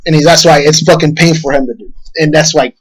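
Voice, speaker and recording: Male co-host, somewhat high voice, swears constantly, animated storyteller in casual chat. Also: quick pace, rough recording. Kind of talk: casual movie review chat.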